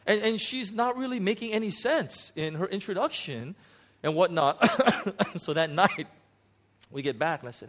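A man's voice: high-pitched, animated, moderate pace, fairly bright tone. A man gives a sermon in a slightly raised voice, telling a story about himself with candid self-mockery. He keeps restarting his sentences and fills gaps with "you know" and "um". The delivery is a pastor's testimony from the pulpit.

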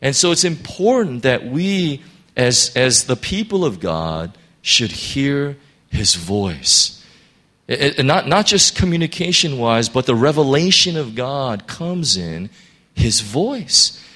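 A man's voice: mid-range voice, very animated, takes it slowly, bright, forceful tone. A man giving an informal Bible teaching, earnest, reading scripture aloud and often restarting his sentences. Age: adult parent of a school-age child.

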